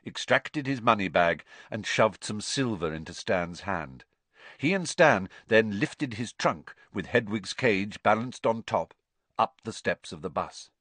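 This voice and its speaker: A man narrating an audiobook in an expressive storytelling manner. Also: fairly low pitch, unhurried, no echo.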